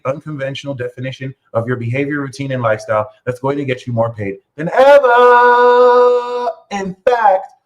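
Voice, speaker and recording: Animated young man giving an astrology reading. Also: low-quality recording. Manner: animated, swings into loud high playful rants with profanity. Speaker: astrology reader.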